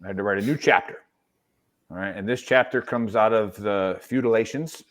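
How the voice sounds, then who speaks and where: A man's voice: fairly low pitch, brisk, fairly bright tone. A male veteran on a casual podcast telling a story with emphasis, often adding "right?" to push his points. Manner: emphatic, rhetorical "right?" tags.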